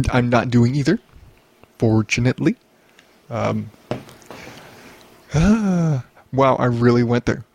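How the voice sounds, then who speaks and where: A young male podcast host talks alone into a close mic, his voice gravelly with fry. He rants and rambles, swears freely and often restarts his sentences. The sound is dry, with no room in it. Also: medium pitch, darkish tone, dry recording. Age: young adult. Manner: profane, ranting, rambling with restarts. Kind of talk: solo podcast rant.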